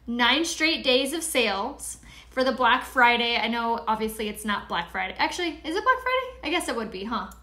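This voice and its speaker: Brief: chatty woman from San Diego, slightly high, bright voice, hosting a casual live makeup tutorial with rambling asides. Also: sing-song, moderate pace. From San Diego, California. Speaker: beauty product seller and live-streamer.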